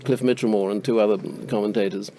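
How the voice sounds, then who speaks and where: A man interviewing a guest, asking brisk questions with a light teasing touch. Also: on the low side, steady tone, dark tone.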